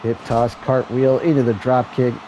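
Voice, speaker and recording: A man hosting and calling a wrestling video game match as a solo play-by-play commentator, with excitable calls and joking asides. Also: medium pitch, moderate pace, slight background noise, rough recording. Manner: excitable play-by-play, rising to shouts at near-falls; self-deprecating asides.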